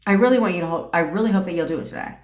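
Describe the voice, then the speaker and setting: A woman's voice: on the low side, racing. A woman manifestation coach on a livestream, talking bluntly and with a lot of profanity. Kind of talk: livestream pep talk. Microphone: phone. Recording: echoey room.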